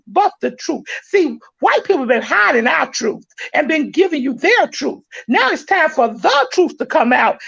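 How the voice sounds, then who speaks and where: Loud excitable woman host, high voice, super gravelly, preachy, lo-fi sound. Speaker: podcast host. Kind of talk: fiery podcast monologue. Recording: dull lo-fi sound.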